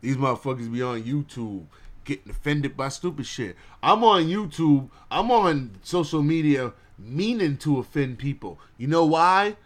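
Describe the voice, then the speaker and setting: A man's voice: fairly high pitch, expressive, normal speed. Profane ranting male podcast host. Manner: blunt, profane, ranting, laughs at own jokes. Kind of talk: loose ranting monologue to a live chat.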